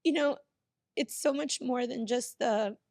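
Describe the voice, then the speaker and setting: A woman's voice: a little high, measured pace, a little mellow, dry recording, clean studio sound. A woman guest on a podcast, telling a heartfelt, rambling story in casual chat.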